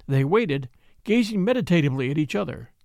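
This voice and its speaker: A man narrating a vintage novel in a measured storytelling manner. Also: a little high, very animated, vocal fry, a little mellow, dry recording, studio quality. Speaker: audiobook narrator. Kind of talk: scripted narration.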